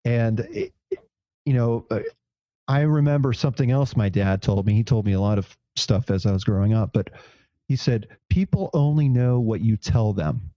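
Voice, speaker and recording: A man's voice: on the low side, fairly even intonation, moderate pace, warm tone, no room sound, highs cut off. A man co-hosting a podcast, reflecting aloud in casual chat with many restarts. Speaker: podcast co-host.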